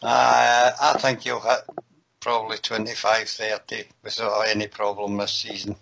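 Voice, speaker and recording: A man with a gravelly voice answers briefly on a fan radio panel. He sounds offhand and to the point. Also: fairly low pitch, monotone, normal speed, background noise. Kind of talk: casual chat.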